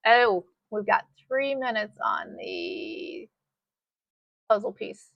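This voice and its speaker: A woman giving a casual sewing machine demonstration, chatty and excitable, repeating her phrases as she works. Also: on the high side, measured pace, no room sound. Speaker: sewing instructor.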